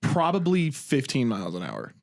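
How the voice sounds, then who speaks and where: A young man co-hosts a podcast, telling a story in casual chat with free swearing and acted-out quotes on his mic. His medium-pitched, creaky voice swings hugely in pitch at a normal speed. The studio-quality recording has no room sound.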